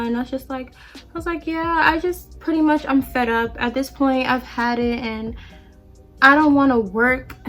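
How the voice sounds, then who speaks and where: Bright-voiced young woman telling a storytime. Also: a little high. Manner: animated storytelling, acts out quotes loudly. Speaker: vlogger. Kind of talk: storytime while doing her hair.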